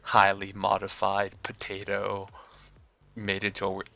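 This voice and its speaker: A man's voice: low voice, completely flat delivery, a little slow, gravelly, pushed and bright, no echo. A young man chatting casually on a stream, rambling with amusement and filling his talk with "like" and restarts. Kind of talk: casual chat.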